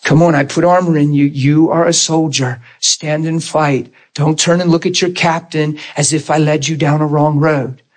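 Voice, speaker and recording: A middle-aged male preacher delivers a sermon to a small class. His voice sits a little high, and he talks in a conversational way. He checks in with the room for agreement and acts out prayers in quoted voices. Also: steady tone, normal speed, few pauses.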